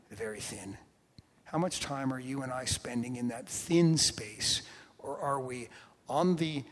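A man preaching a sermon in an animated, joking way, dropping to a hush and then rising loud. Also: medium pitch, in a large hall. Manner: animated, jokey, swings between hushed and loud. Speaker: pastor.

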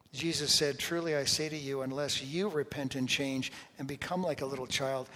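A man's voice: medium pitch, fairly bright tone. A man preaching a sermon as a pastor, conversational at first and building to emphatic intensity. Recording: long hall reverb.

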